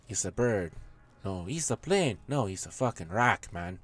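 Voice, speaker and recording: A man's voice: fairly low pitch, expressive, a little slow, fairly bright tone. A man playing a video game and joking through it, swearing and talking back at the characters. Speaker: gamer. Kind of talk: let's play commentary.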